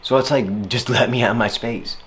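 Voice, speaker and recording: A young man talking casually about handling stress, playful and animated, often slipping into silly voices and acted-out quotes. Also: medium pitch, moderate pace, slight background noise. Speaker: speaker reflecting on stress. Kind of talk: casual reflective monologue.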